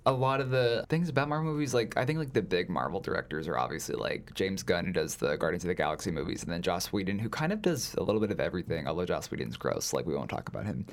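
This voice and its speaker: Low-voiced man with a lively, rambling delivery. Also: fast talker, few pauses. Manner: rambling, heavy use of "like" fillers. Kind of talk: casual film review chat.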